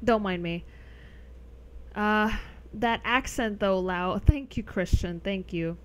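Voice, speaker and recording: A woman's voice: mid-range voice, slow pace, smooth. A young adult woman streaming a game, chatting casually with viewers, rambling and laughing often. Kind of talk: casual live-stream chat over gameplay.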